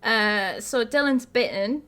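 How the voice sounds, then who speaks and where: Podcast host lady, kinda high voice, telling a game story all excited. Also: slow. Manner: animated storytelling, laughs often. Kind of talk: casual chat, retelling a game.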